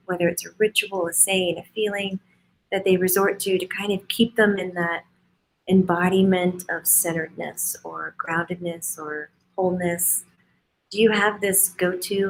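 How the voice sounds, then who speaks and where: Female host, lower register, effusive interview chat. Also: a little hiss or hum, low-quality recording. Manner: gushing, effusive.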